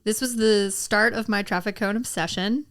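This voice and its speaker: A pregnant woman in her thirties co-hosts a casual podcast and tells stories in a relaxed, wry tone. Her voice is smooth and clear at a middle pitch. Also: moderate pace. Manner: relaxed, chatty, wry storyteller. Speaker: podcast co-host. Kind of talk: casual chat.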